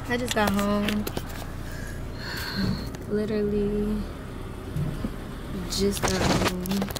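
A sleepy woman vlogger talks casually into her phone camera from her parked car at night, chatty and full of slang, her tired speech drawling. Her medium-pitched voice is flat, words drawn out, over heavy background noise.

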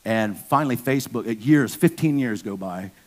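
A man's voice: medium pitch, normal speed. Candid storytelling pastor in his fifties. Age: 50s. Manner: candid, storytelling, bursts into loud excited impressions. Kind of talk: sermon.

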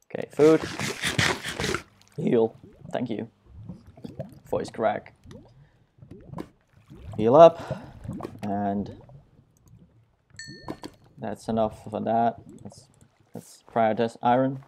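A young man giving casual, self-mocking commentary while he plays a video game, dropping puns in a flat tone. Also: on the low side, drawn-out words, creaky, long pauses, noisy background. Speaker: Let's Play gamer.

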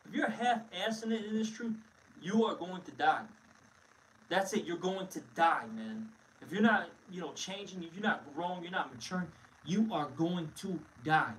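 A man's voice: high voice, animated, moderate pace, a bit bright, a little hiss or hum. A man teaching scripture in a blunt, emphatic way, often calling listeners "man", recorded from a distance.

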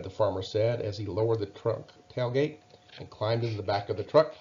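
A man reading a children's Bible story aloud in a gentle, measured way. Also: fairly low pitch, muffled recording.

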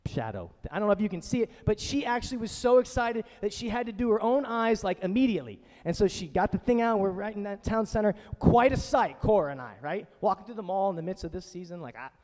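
A male pastor in his thirties delivers a conversational sermon with a high, bright-pitched voice that swings widely up and down. He talks casually with chatty asides, and his voice rings out with a long reverb in a church hall. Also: expressive, fast, hardly any pauses. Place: church sanctuary.

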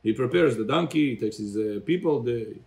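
A man's voice: medium pitch, expressive, brisk, creaky, a little mellow. A rabbi teaching a Torah class to a congregation. He calls on listeners by name, quizzes them, and switches between English and Hebrew phrases.

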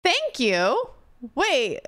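A woman's voice: high voice, wildly swooping pitch, drawn-out words, a bit bright. A young woman streaming a game live, chatting playfully with viewers and thanking them for support. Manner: playful, talks to viewers and game characters, reads out donations. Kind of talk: casual live-stream chat while gaming.

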